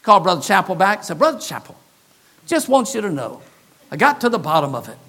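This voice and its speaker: A male pastor preaching, telling a story and acting out the dialogue in lively, shifting voices. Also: high-pitched, fairly quick. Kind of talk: sermon storytelling. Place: church.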